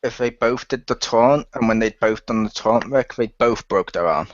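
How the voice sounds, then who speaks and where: A man's voice: mid-range voice, normal speed, no echo. A man co-hosting a casual podcast chat, often correcting the others on details. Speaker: podcast co-host. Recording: dull, dry lo-fi podcast audio.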